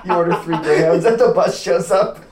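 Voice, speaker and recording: A man trading quick jokes with frequent laughter in casual comedic banter. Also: high voice, a little mellow. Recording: roomy echoey room.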